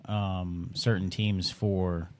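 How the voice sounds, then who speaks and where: A man co-hosting a podcast in casual chat, talking haltingly with many restarts. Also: low-pitched, level tone. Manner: halting, conspiratorial, lots of restarts. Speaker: podcast co-host.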